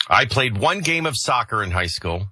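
In a mid-range, sing-song voice that is pushed, bright and slightly rough, a man talks at normal speed. He runs a morning talk show on the radio, chatting about sports and reading news stories conversationally, restarting often. The sound is clean and echo-free, captured on a studio microphone in a radio studio.

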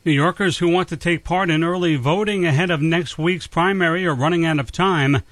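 A man reading a local radio news bulletin in a steady, measured delivery. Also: fairly high pitch, no echo. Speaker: local newsreader.

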